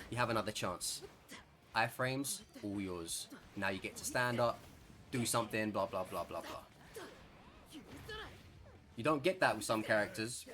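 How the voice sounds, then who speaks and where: Chatty young English man commentating gameplay. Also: fairly low pitch. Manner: chatty, excitable, rambling with self-corrections. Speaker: gaming streamer.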